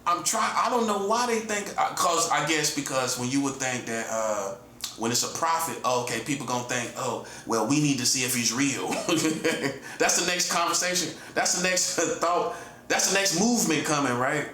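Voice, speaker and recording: A man's voice: on the high side, lively intonation, moderate pace, pushed and bright. A man in his forties with a defiant, taunting manner, talking in a solo monologue and repeatedly addressing his listener as "buddy.". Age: 40s. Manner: taunting and repetitive, keeps saying "listen, buddy"; defiant, chuckles between points. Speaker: self-styled prophet streamer. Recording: roomy echo with faint room noise.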